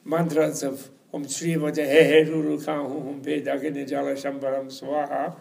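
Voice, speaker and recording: A man voicing an old cleaning woman who is secretly a wise sage. He gives her a high, wavering old-woman voice. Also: flat delivery, normal speed, creaky, a little mellow. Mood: teasing.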